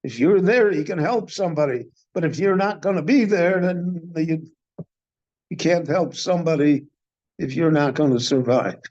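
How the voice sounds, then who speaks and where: An older man, a rabbi, giving a slow, deliberate Torah class in a synagogue, posing questions and then answering them. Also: fairly high pitch, darkish tone, highs cut off. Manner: measured teaching, poses questions and answers them.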